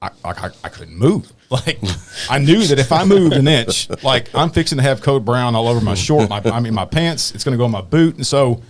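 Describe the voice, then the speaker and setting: A man's voice: medium pitch, very animated, fairly quick. A man, a police officer hosting a podcast, telling a story in casual chat with many restarts. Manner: rambling, many restarts, laughs through his story.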